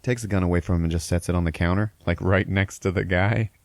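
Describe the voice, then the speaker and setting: Low gravelly man rambling through a movie recap. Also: steady tone, quick pace, dry recording. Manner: rambling, profane, laughing storyteller. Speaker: podcast host.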